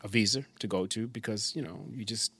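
A man's voice: fairly low pitch, fairly quick, fairly bright tone, slightly rough. A middle-aged man, a judge born in England, telling rambling stories in casual talk with many restarts and fillers. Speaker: judge, podcast guest. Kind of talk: casual conversational storytelling.

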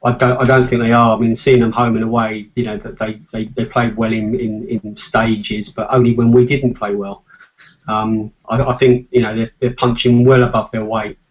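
A man's voice: mid-range voice, level tone, moderate pace, muffled recording. An English man co-hosting a casual football podcast, opinionated and full of stammering restarts. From England. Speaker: podcast co-host.

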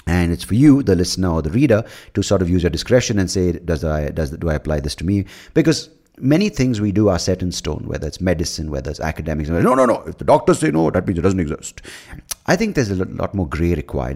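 Deep-voiced male podcast host; loose, meandering solo talk full of fillers and casual swearing, recorded close to the mic. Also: very animated, quick pace, mellow. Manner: rambling, with many fillers and restarts; swears freely. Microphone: leaning in close to the mic.

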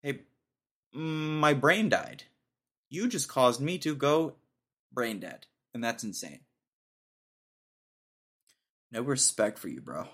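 A young man talks alone into the mic, hosting his own podcast. His voice sits at an ordinary middle pitch, and he rants in an exasperated, mocking way. He keeps cracking himself up between complaints. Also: very animated, slow pace, pauses often, fairly bright tone. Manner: ranting, exasperated, mocking, laughs at own jokes. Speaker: podcast host. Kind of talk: casual solo podcast rant.

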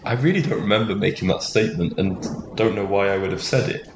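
A low, gravelly man rambling through comic podcast banter, chuckling as he goes. His voice carries an echo, and there is steady noise behind him. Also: quick pace. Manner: laughs often, rambling. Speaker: podcast co-host. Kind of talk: casual comedic banter. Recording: echoey room with background noise.

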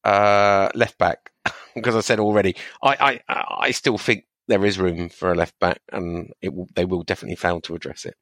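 Male co-host, lower register, mock-offended banter, dry sound. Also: fairly even intonation, moderate pace, a bit bright, dry recording. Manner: wry, mock-indignant banter. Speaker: podcast co-host. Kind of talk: casual chat.

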